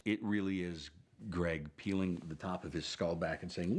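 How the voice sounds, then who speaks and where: A man's voice: deep voice, moderate pace, a little mellow. A man giving a documentary interview, speaking in an affectionate, rambling way.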